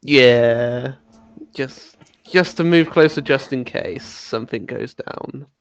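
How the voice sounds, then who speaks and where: Smooth-voiced, unhurried male player. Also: medium pitch. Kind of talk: tabletop game chat. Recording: muffled lo-fi audio.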